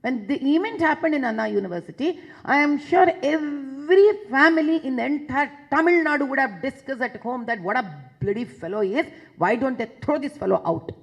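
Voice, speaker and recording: Indian woman addressing a session, husky voice pitched a little high, emphatic and repetitive delivery. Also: expressive, brisk, few pauses, rough recording. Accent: Indian English. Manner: emphatic, repeats phrases for force. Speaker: public speaker addressing a session. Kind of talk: impassioned public talk.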